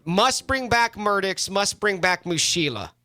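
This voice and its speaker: A man's voice: high-pitched, lively intonation, measured pace, bright, forceful tone, no room sound. A man hosting a sports radio show, chatty and playful as he leads the discussion into a studio mic. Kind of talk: casual sports radio chat.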